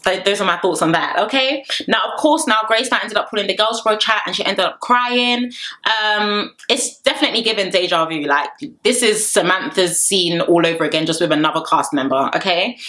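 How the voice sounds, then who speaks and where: A young woman gives casual, animated commentary on a reality TV show and often breaks into laughter. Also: medium pitch, brisk. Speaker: reality TV reviewer.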